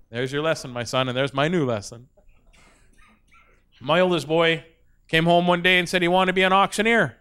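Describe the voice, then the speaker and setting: Smooth-voiced man telling stand-up stories. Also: high voice, a little fast. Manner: animated storyteller who laughs at his own jokes. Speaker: stand-up comedian. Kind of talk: stand-up comedy set.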